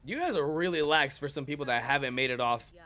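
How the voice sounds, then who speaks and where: A man reacting to an anime episode with hyped, slangy commentary that often breaks into shouts. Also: medium pitch, quick pace.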